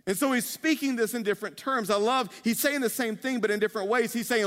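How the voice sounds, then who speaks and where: High-voiced male preacher in a reverberant hall. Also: fast, hardly any pauses, fairly bright tone. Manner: humorous, conversational preaching with playful acted asides. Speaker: pastor. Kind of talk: sermon. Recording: long reverb of a large hall.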